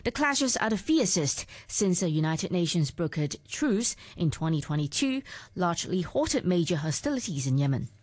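A woman reporter reading a scripted news report in a crisp, even way. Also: on the low side, moderate pace, dry recording.

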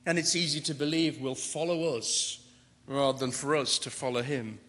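A man preaching a sermon, building through repeated phrases and slowing down for emphasis. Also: mid-range voice, fairly bright tone. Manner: rhetorical, building repetition with slowed emphasis. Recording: long reverb of a large hall.

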